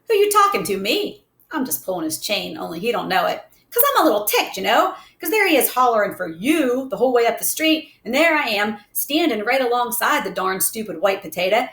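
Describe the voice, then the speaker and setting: A woman's voice: fairly high pitch, sing-song, fairly quick, fairly bright tone, pitched above the performer's own voice. A woman doing a brash, slangy street kid. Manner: slangy, boastful. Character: tough streetwise boy, brash and teasing. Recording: roomy echo.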